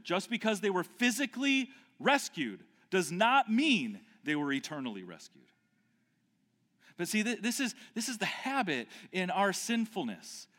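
Male preacher, slightly high voice, emphatic and questioning, big reverberant hall. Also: a bit bright. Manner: emphatic, rises and falls sharply, frequent restarts and rhetorical questions. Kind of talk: expository sermon.

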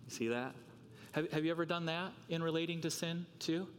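A man's voice: on the high side, fairly even intonation, brisk, in a large hall, a little hiss or hum. A man preaching a sermon, talking with rhetorical questions and repeating words as he works through a passage.

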